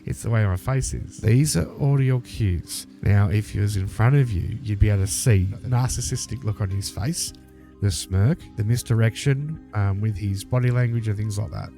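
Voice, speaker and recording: A man's voice: on the low side, normal speed, gravelly, dark tone, faint music behind. A man giving critical commentary over a video clip, lecturing and emphatic, repeating his points.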